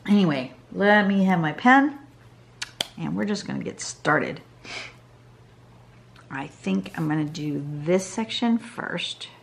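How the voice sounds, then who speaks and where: A woman's voice: fairly low pitch, lively intonation, slow, creaky, pauses often. A woman giving a casual drawing tutorial, chatty and thinking aloud as she draws, sounding tired. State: tired, yawning. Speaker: drawing instructor. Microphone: camera over a drawing desk.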